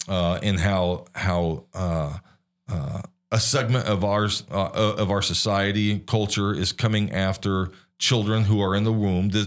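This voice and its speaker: A man with a fairly low voice co-hosts a casual faith-based podcast. He feels his way through his points, stopping often to restart a phrase or fill a pause. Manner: hesitant, many restarts and fillers. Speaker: podcast co-host.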